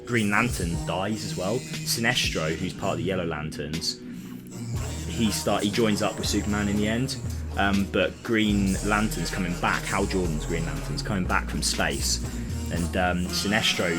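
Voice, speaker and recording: A man's voice: low voice, moderate pace. Young man telling a comic story. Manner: animated storytelling, acts out characters' lines. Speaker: podcast co-host. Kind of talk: casual podcast chat. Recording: music playing behind.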